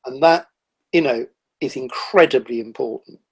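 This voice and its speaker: A middle-aged man, a guest on a podcast, telling animated stories about the wildlife he sees, with lively quoted asides. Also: mid-range voice, normal speed, husky. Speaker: guest, nature writer. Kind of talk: casual conversational interview.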